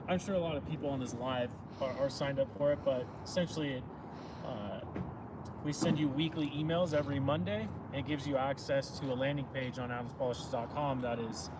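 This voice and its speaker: A man hosts a casual livestream how-to outdoors next to a car. His pitch is medium and he rambles in a loose, chatty way with plenty of fillers. The sound comes through a phone's own microphone, with clear outdoor noise behind him. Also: recorded from a distance. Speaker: host of a live product demo. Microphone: phone camera audio, no wireless mic.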